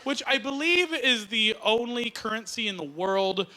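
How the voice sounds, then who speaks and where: Canadian stand-up comic, very high voice, animated and mocking, live club set with heavy crowd noise behind. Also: male voice, moderate pace. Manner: animated, mocking, slips into mock outrage and silly voices. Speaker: stand-up comedian. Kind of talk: stand-up comedy routine. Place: comedy club stage with a laughing audience.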